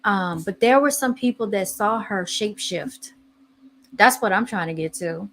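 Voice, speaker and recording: A woman's voice: medium pitch, moderate pace, slight background noise. Chatty woman podcast host. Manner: chatty, animated, reads posts aloud while searching online. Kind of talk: casual chat.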